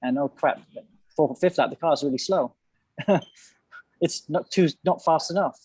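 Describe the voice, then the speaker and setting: A man's voice: a little high, normal speed, darkish tone, slightly rough, dry recording, poor audio. A man who once raced, chatting loosely on a video call panel, rambling with fillers and restarts. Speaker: F1 presenter and former racing driver. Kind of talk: casual panel chat over video call.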